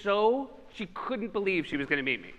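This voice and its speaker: Lively, animated man on a hall stage. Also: high-pitched, brisk. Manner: animated, laughs through his stories. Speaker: comedian on a conference panel. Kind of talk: casual onstage conversation, storytelling. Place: conference stage in a large hall.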